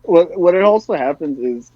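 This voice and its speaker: A man's voice: fairly high pitch, expressive, normal speed, no echo, dull audio. A young man in a casual podcast chat, explaining his point steadily with the odd curse word.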